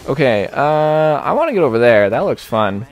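A man's voice: mid-range voice, big pitch swings, moderate pace, faint music behind. A young man giving casual, joking commentary as he plays a video game, rambling and talking back to the characters on screen. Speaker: let's play host.

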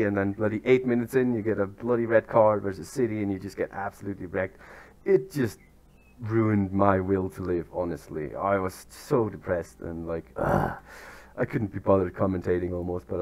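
A young man casually commentating his football management game, chatty and self-deprecating, with sudden excited yelps, recorded outdoors among turkeys. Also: fairly low pitch.

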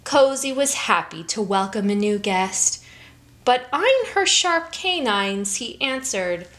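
Woman, story time reader, picture book read-aloud, slow, very expressive. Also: fairly high pitch.

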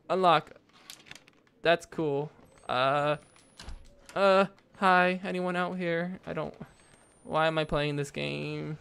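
A man's voice: fairly high pitch, fairly even intonation, slow pace, vocal fry, a bit bright, clean tone. A young man commentating a horror game, nervous and jumpy, talking to viewers with lots of fillers and frightened exclamations. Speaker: gaming YouTuber. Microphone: desk mic with face cam.

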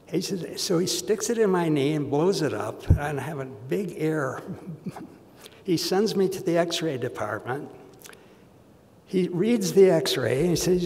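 An older man, a longtime patient, telling a story slowly and haltingly with many pauses and fillers. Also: fairly high pitch, a little mellow. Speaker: longtime patient invited to speak. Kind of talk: spoken anecdote. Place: conference hall. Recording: long hall reverb.

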